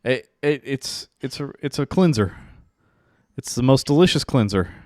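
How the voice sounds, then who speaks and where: A man hosting a casual sports podcast with his co-hosts, energetic and rambling, with frequent restarts. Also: mid-range voice, normal speed, no echo, clean studio sound. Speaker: podcast host. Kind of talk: casual chat.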